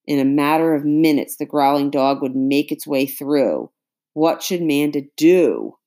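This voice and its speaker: A woman narrating an audiobook chapter in a measured, suspenseful way. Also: low-pitched, mellow.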